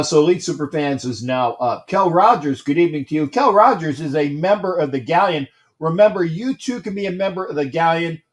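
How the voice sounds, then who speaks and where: Guy hosting a livestream, kinda high voice, rambly, greets chat, yells at big plays. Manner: rambling, repeats himself, greets viewers by name; gets loud and excited during big plays. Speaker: livestream host. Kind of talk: casual livestream chat and game commentary.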